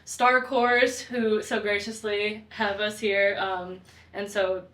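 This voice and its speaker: A woman's voice: medium pitch, level tone, takes it slowly, fairly bright tone. Chatty young woman hosting an interview. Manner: upbeat, chatty, lots of agreeing yeahs. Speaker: interviewer, show host. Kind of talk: casual interview. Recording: echoey room.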